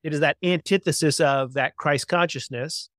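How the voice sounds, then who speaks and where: A man in a casual conversation, speaking reflectively with pauses and restarts about spiritual ideas. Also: fairly high pitch, fairly bright tone, no echo, studio quality. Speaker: podcast co-host.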